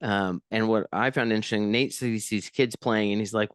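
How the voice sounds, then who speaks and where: Male podcast host, Southern accent, lowish voice, dry close sound, animated storyteller. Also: brisk, dry recording. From New Mexico. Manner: animated storyteller, laughs often. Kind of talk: casual interview chat.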